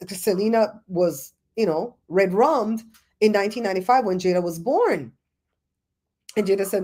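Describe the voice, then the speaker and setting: Belizean lady rambling on her livestream, chatty storytelling, mid pitch. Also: expressive, moderate pace, warm tone. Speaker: show host. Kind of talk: casual livestream chat, reading comments.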